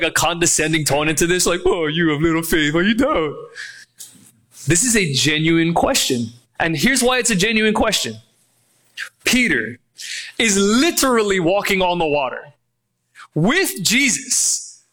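A man preaching a sermon as pastor, animated and acting out quoted voices. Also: sits high.

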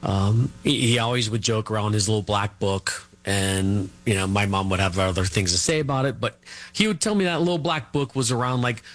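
Middle-aged male guest, a bit low-pitched, talks in loose, halting, filler-heavy stories. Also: a bit bright. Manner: rambling, halting, full of fillers and restarts. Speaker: interview guest. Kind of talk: casual storytelling interview.

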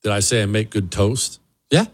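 A man's voice: lowish voice, lively intonation, normal speed, no room sound. A man hosting a radio talk show, giving a blunt, emphatic monologue with sarcastic asides. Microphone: studio microphone.

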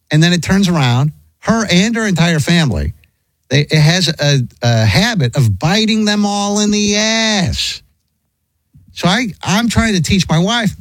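A middle-aged man rambles through a story with many restarts, acting out the other people in it. His pitch swings up and down a lot. The sound is dry and close, with no room around him. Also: no room sound. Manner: rambling, animated, lots of restarts and acted quotes. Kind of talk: casual storytelling chat.

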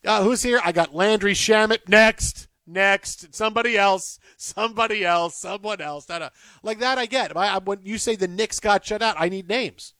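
A man co-hosting a casual sports talk show, ranting in an animated way and repeating himself. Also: sits high, normal speed, no echo, studio quality. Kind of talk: casual sports radio banter.

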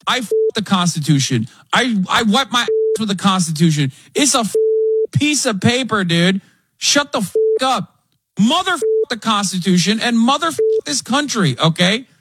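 A man in an angry, profane rant, shouting insults in a strained way. His voice is husky and raspy. The recording is dry. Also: high voice, animated, moderate pace, no echo.

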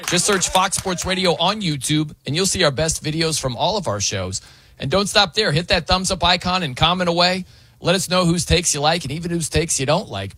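A man hosting a sports radio show, chatting casually and telling stories with animated bursts. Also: high voice, slightly rough. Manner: animated storytelling with bursts of loudness. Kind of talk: casual radio chat and ad reads.

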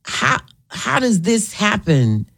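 A woman's voice: medium pitch, big pitch swings, slow, creaky, fairly bright tone, slightly rough. A woman radio host, chatting with callers in an emphatic, repetitive way. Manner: chatty, emphatic, repeats herself. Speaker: radio talk show host. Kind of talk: call-in radio talk.

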